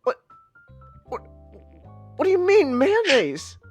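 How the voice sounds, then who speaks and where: A woman's voice: high voice, huge pitch swings, slow, dry recording, faint music behind. A woman co-hosting a podcast in casual chat, flustered and defensive, stumbling over many restarts. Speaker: podcast co-host.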